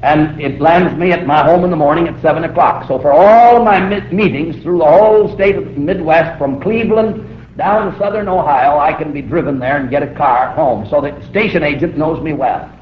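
A man's voice: fairly high pitch, moderate pace. A middle-aged man preaching a sermon, telling a story vividly and acting out the voices in it. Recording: roomy, dull old recording with faint hiss.

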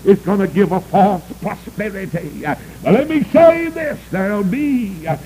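A man preaching a revival sermon, breaking into sudden high shouted cries and saying "uh" before nearly every phrase. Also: expressive, normal speed, background noise.

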